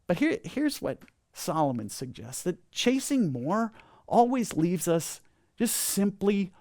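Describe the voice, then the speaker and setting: A man preaching a sermon in church, animated and emphatic, stammering into restarts and leading the congregation in repeating lines. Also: high voice, slow, dry recording, clean studio sound. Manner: animated preaching, builds to emphatic lists, leads congregation call-and-response. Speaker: pastor. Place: church sanctuary.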